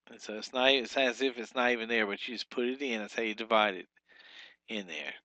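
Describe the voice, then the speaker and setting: A man teaching a recorded lecture, explaining patiently, repeating terms slowly, with frequent fillers. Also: mid-range voice, sharp tone, no room sound. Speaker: Hebrew teacher.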